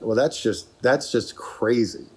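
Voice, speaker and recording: A man's voice: mid-range voice, slow, slightly rough. An American man co-hosting a podcast, chatting casually and telling rambling, jokey stories. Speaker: podcast co-host. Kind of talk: casual chat.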